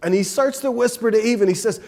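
A man's voice: very high-pitched, fast talker, warm tone. A man preaching a sermon, telling a Bible story earnestly with rhetorical questions.

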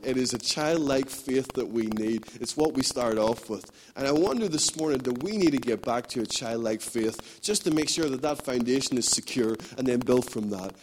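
A man's voice: medium pitch, darkish tone, slight background noise. A man preaching a sermon, emphatic and repetitive, building his points in rhythmic runs. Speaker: pastor.

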